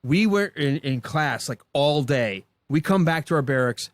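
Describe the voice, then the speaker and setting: A man's voice: a little high, animated, unhurried, dry recording. Profane storytelling man, dry close sound. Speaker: podcast host. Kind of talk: casual chat.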